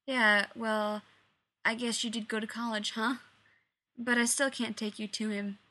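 Brief: woman voicing a friendly young soldier man, relaxed and casual, a bit high. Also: unhurried. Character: easygoing young male soldier.

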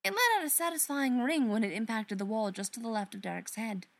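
A woman narrating a story aloud in an expressive storytelling manner. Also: on the high side, brisk, gravelly. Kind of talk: reading fan fiction aloud.

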